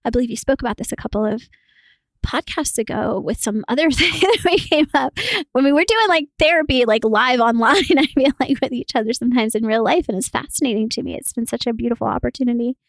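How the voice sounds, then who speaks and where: Female podcast co-host, higher pitch, laughing and animated, dry close mic. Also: fast, no room sound. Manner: laughs often while talking, animated. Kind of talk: casual podcast conversation.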